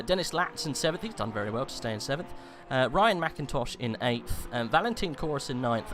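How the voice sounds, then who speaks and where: A man's voice: mid-range voice, background noise. A man commentating an online sim race, chatty and playful, rambling with fillers as he calls positions and jokes with his co-host. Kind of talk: live race commentary with banter. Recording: music bed behind the voice.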